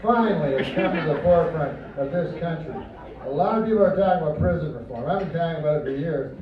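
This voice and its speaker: A deadpan male comedian rambles through a stand-up set in a high, light voice. The recording is muffled and roomy, picked up from far back in a comedy club, with a loud crowd laughing around him. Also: fast. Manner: deadpan, rambling asides with mock-earnest quoted voices. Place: comedy club stage before a live audience. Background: audience laughter and crowd noise.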